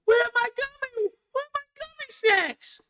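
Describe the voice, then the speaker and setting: A man voicing a whining little kid who wants his snacks, in a squeaky, whiny voice. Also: normal speed, noisy background.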